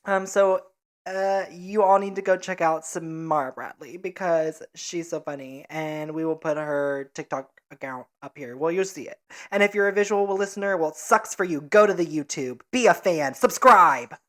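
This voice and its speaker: A woman's voice: low voice, moderate pace. A woman hosting a casual podcast, jokey and crude, poking fun at herself. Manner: jokey, crude, self-mocking. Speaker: podcast host. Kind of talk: casual chat.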